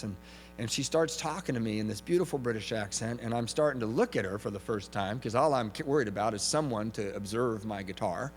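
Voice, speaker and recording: A man giving a talk at a recovery meeting, telling a story with lively comic timing and shouting some punchlines. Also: mid-range voice, fairly quick, soft background music. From from Southern California. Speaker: AA speaker. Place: large hall with audience. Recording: reverberant hall recording with faint hum.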